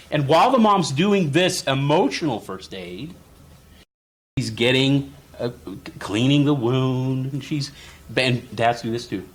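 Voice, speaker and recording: A man's voice: mid-range voice, expressive, measured pace, husky. Guy therapist presenting at a conference, chatty storyteller, keeps asking the room right?. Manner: storytelling, acts out parent and child voices; conversational, asks the audience "right?".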